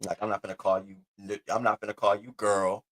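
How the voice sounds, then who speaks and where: A man hosting an online show, telling a story in a loud, profane, animated rant and acting out the other people's voices. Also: fairly low pitch, fast talker. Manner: acts out the other voices in his stories. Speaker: host of an online news show. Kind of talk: casual livestream rant.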